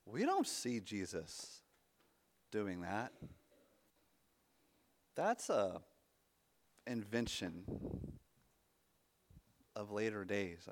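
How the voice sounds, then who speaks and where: A pastor preaching a conversational sermon, often restarting his words and dropping suddenly to a hush. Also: medium pitch, very animated, slow, pauses often.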